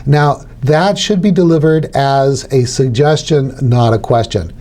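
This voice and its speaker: A man's voice: medium pitch, measured pace, mellow. A middle-aged man, a hypnotherapy trainer, explaining techniques in an instructional podcast chat and acting out suggestions aloud.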